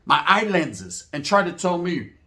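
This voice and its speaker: A man tells a story in casual, slangy talk, his voice sitting a little high. He keeps it animated and acts out the people in the story as he goes. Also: unhurried. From Merced, California.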